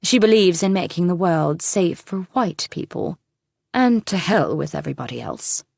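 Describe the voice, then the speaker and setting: Woman reading a sharp lady detective, low creaky voice, urgent and accusing. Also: lively intonation, normal speed, dry recording, clean studio sound. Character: sharp, determined older woman sleuth. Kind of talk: audiobook character reading.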